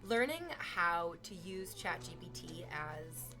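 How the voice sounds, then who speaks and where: A woman's voice: fairly low pitch, animated, takes it slowly, music in the background. A woman streaming from home, chatting casually with viewers in a playful, teasing way, swearing freely.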